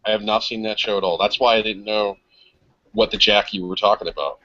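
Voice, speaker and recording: Man, casual podcast chat, bright sharp voice, halting, lo-fi with faint hiss. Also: lowish voice, steady tone. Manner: halting, restarts, swaps profanity for silly words. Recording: lo-fi audio with faint noise.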